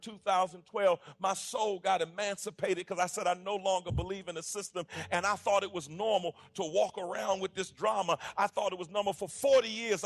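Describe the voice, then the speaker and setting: In a church, a pastor in his forties delivers an impassioned sermon that rises from quiet reflection to shouted, repetitive declarations. His voice is high, and there is no room sound.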